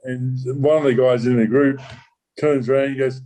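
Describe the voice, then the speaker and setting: A man, a former undercover cop, recounting a true story in an interview, halting with many restarts and swearing casually. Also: mid-range voice, steady tone, mellow, poor audio. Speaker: former undercover police officer.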